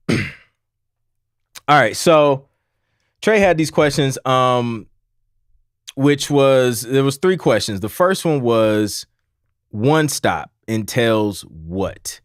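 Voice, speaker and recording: A man's voice: mid-range voice, expressive, very slow, long pauses, clean tone, no echo, studio quality. A man hosting a livestream, chatting casually and telling a rambling story with frequent laughs and repeated phrases. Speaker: livestream host.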